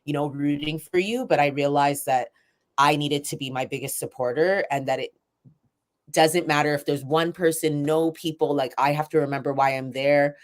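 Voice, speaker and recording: A woman poet and event organizer talks through her story in a low voice. She is candid and self-described shy, drifting through fillers and soft laughs as she thinks aloud. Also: fairly even intonation, moderate pace. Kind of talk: reflective interview conversation.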